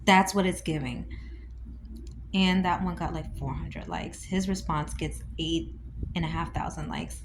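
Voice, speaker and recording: A woman's voice: deep voice, measured pace, noisy background. A woman giving casual, amused reaction commentary on social media posts, with slangy, chatty asides.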